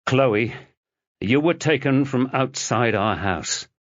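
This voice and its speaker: Male narrator as a strained, pleading detective dad, slow and dull-sounding recording. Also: medium pitch, expressive, no echo, voice pushed up. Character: desperate middle-aged male detective father.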